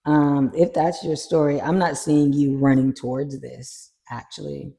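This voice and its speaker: A tarot reader chatting casually through a card reading, animated and swearing freely. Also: mid-range voice, a little slow, gravelly. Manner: animated, swears freely, acts out little scenes.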